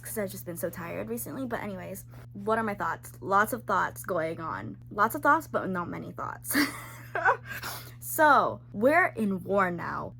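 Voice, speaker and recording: A young woman recapping a book she is reading, gushing and excitable and peppering her talk with "like". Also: mid-range voice, slight background noise. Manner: gushing, excitable, heavy use of "like". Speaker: book vlogger. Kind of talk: casual chat recapping a book.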